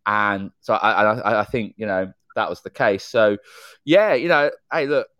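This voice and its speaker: A man's voice: lowish voice, a little slow, a bit bright, no room sound, dull audio. Man, podcast co-host, chatty opinions, dry remote call sound. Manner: chatty, fluent opinions with many "you know" fillers. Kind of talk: casual podcast chat.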